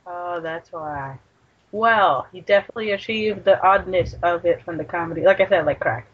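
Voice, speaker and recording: A woman in a casual group call who talks in a flat, blunt way and teases the others. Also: on the low side, normal speed, phone-quality sound.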